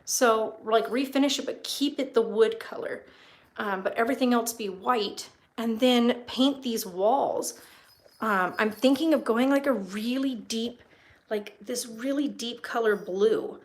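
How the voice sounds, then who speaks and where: A woman's voice: fairly high pitch, measured pace. A young woman chatting casually and rambling a bit as she films a tour of her house and talks to her cats in baby talk. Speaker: vlogger touring her home. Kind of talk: casual home tour vlog. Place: house, indoors and yard.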